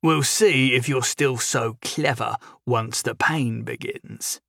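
A man's voice: mid-range voice, slow, vocal fry, fairly bright tone, no room sound, clean studio sound, full character voice. A man doing a hot-tempered young crime boss. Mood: gloating. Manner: blustering, angry.

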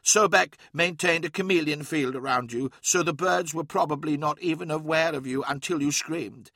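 A composed male warrior teaching his pupil, measured and assured, as a male narrator plays him. The tone is bright and crisp, a touch higher than the narration, recorded dry and close. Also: dry recording. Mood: instructive. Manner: measured, instructive. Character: calm, proud male warrior-mentor.

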